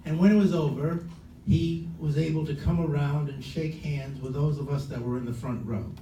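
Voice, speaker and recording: An older man, son of the guest of honor, casually tells a gathering an anecdote and acts out the quotes with lively voices. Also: fairly high pitch, moderate pace. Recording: roomy hall, distant mic, background noise.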